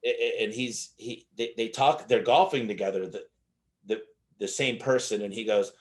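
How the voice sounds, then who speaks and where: A man telling animated stories as an interview guest, acting out the dialogue in his anecdotes with frequent restarts. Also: on the low side, moderate pace. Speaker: business owner guest. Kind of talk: casual interview storytelling.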